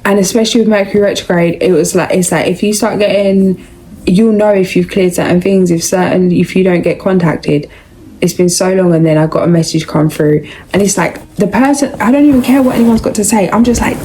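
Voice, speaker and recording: A woman's voice: mid-range voice, a little fast, mellow, a little hiss or hum, poor audio. A young woman giving a casual, rambling tarot reading, chatty and full of slang. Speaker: tarot reader.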